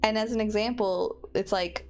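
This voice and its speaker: A woman's voice: mid-range voice, steady tone, normal speed, a little mellow, soft background music. Chatty Michigan woman streamer. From Michigan, USA. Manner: rambling and chatty, plays with her own pronunciation. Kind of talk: casual chat while gaming.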